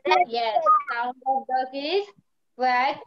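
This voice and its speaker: A woman teacher who speaks slowly and patiently, repeating words for young pupils. Her voice sits fairly high, and the recording is dull and lo-fi. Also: lively intonation. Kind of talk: online primary school lesson.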